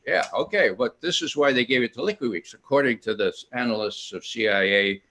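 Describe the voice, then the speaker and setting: A man's voice: medium pitch, fairly quick, pushed and bright. An older man speaking on a panel at an online event, telling stories animatedly with frequent restarts and acted-out quotes. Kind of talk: storytelling talk at an online event.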